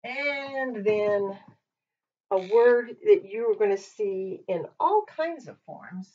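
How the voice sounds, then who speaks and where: A woman with a breathy voice leads an informal Hebrew lesson, thinking aloud and correcting herself as she goes. She sits back from the microphone, and the recording sounds dull and lo-fi. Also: medium pitch, lively intonation, slow pace, darkish tone. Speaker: Hebrew teacher. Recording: dull lo-fi mic from a distance.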